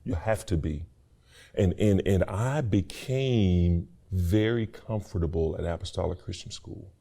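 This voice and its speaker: This university staff member, a middle-aged interview guest, speaks in a low, mellow voice at an unhurried pace. His testimony is earnest and almost sermon-like, with words repeated as emotion mounts.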